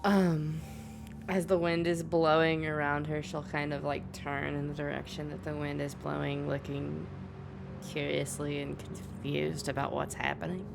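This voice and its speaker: A woman with a low voice and a gravelly rasp takes her turn in a tabletop game. She describes what her character does in the third person, hesitant and full of small fillers, over faint music. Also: little pitch movement, unhurried. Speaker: player.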